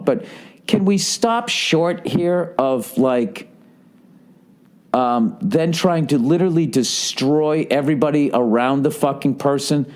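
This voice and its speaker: A man in his forties hosting a solo comedy podcast, telling stories in a profane, rambling way, with many "right?" asides and quick mocking impressions. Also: darkish tone. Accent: Boston. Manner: slips into mocking impressions with jumps in pitch. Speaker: podcast host.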